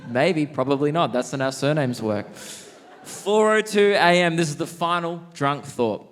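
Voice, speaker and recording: A young Australian man doing a stand-up comedy set in a large theatre, quick-witted and cheeky, laughing mid-line. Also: fairly high pitch, animated, noisy background. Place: large theatre stage, live audience.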